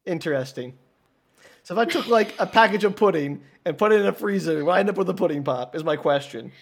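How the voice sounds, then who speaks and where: A man's voice: high-pitched, lively intonation, fast talker, creaky. A man co-hosting a podcast in casual chat, asking dry, puzzled questions. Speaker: podcast co-host.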